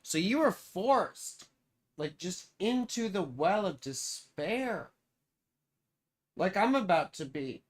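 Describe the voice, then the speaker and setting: A woman's voice: fairly low pitch, sing-song, takes it slowly. A woman astrologer giving a live chart reading. She talks in a rambling way, drifts into asides, and calls the viewer sweetheart and baby.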